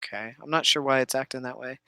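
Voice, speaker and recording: Smooth-voiced game master with a dry sound. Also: medium pitch, fast talker, bright, forceful tone, dry recording. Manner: patient, checks rules aloud while narrating. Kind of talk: running a tabletop game over voice chat.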